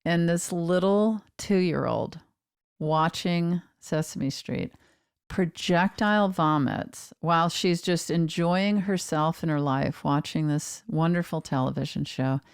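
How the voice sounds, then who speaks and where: A woman co-hosting a podcast, chatting in a dry, deadpan, measured way. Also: deep voice, vocal fry, smooth, no echo. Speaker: podcast co-host. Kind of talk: casual chat.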